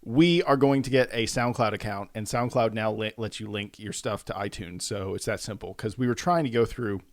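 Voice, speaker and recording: A man's voice: lowish voice, moderate pace. A man in his late twenties co-hosting a podcast, chatting casually in a blunt, profane way. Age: 20s. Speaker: podcast co-host. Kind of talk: casual chat.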